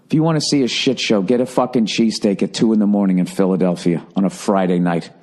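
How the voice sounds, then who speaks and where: A man's voice: fairly low pitch, fast. Man, forties, podcast host, casual monologue, profane, rambling. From Boston area. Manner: profane, rambling, animated when quoting people.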